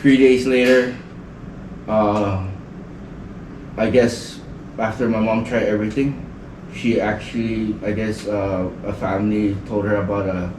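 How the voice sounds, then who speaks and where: A man from the Northern Mariana Islands, a guest on a casual podcast, tells a rambling story heavy with "like" as filler. His fairly low, level voice runs a little slow with long pauses, and the distant mic yields a roomy recording with background noise.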